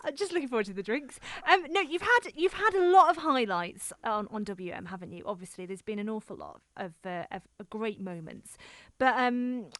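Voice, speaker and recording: A woman's voice: fairly high pitch, animated, fairly quick, hardly any pauses, a bit bright, no room sound. A woman with a West Midlands English accent, co-presenting a radio show in a teasing, chatty way. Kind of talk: casual radio chat.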